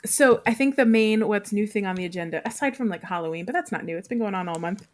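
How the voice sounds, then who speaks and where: A woman's voice: mid-range voice, expressive, fast. A woman co-hosting a casual gaming podcast, chatty, laughing easily, with filler words. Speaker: podcast co-host. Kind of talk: casual chat.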